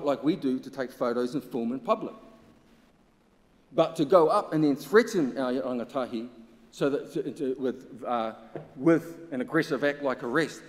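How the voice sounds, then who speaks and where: A man's voice: fairly high pitch, a little mellow. Impassioned New man in a hall. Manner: impassioned and emphatic, with pointed rhetorical questions. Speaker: researcher and symposium speaker. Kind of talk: conference talk. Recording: long hall reverb.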